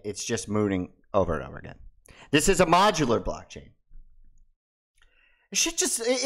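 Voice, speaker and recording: A man hosting his own video, talking casually and ranting in a mocking way. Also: medium pitch. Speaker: crypto video host. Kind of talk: casual monologue to camera.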